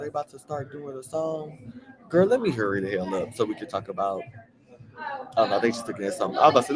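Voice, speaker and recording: A man with a Southern US country twang hosting a casual, gossipy chat full of sassy asides. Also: mid-range voice. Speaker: host.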